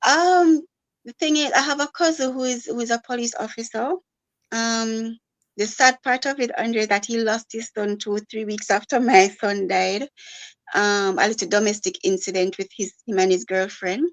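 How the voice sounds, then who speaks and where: A grieving mother, talking softly and haltingly with many pauses and fillers. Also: on the high side, fairly even intonation, low-quality recording. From Jamaica. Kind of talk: live-stream conversation.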